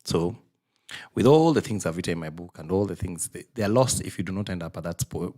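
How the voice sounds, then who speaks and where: Fast-talking low-voiced Kenyan man. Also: expressive, mellow. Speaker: guest, author. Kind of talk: casual chat.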